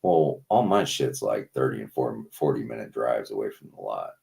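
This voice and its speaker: Male host with a very deep, gravelly voice, casual and profane storyteller. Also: big pitch swings, normal speed, darkish tone. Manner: rambling storyteller, profane, many fillers. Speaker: tow truck driver telling a story. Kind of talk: casual podcast chat. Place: indoors, streamed talk show.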